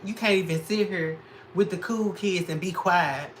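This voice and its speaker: A man's voice: high-pitched, normal speed, poor audio. A man from Chicago chatting on a livestream while doing drag makeup, sassy and talking back to the comments. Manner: sassy, animated, talks back to chat. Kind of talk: casual livestream chat reading comments.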